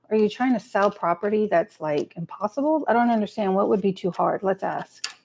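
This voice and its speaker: A woman giving a live tarot reading speaks briskly in a creaky, mid-range voice that's a little mellow. Sitting at her home table with a cat nearby, she chats casually, mutters to herself and swears freely while pulling cards. There's slight background noise, and the recording is low quality.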